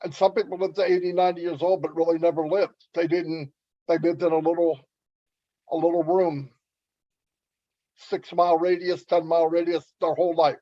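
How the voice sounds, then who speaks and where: A man's voice: on the high side, flat delivery, normal speed, no room sound, highs cut off. A man giving an earnest, rambling testimonial on a webinar, often restarting his sentences. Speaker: webinar speaker. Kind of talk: testimonial talk.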